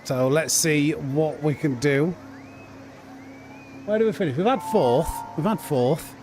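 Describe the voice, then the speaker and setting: A man's voice: fairly high pitch, measured pace, a little mellow, faint music behind. A man chatting casually on a live sim racing stream, reading out viewer names and thanking them. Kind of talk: live gaming stream chat.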